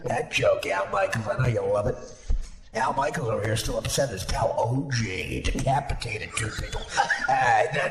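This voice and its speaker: A man riffing crude mock sports commentary, jumping between jokes and mocking voices. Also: medium pitch. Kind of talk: crude improvised comedy commentary. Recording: echoey room with background noise.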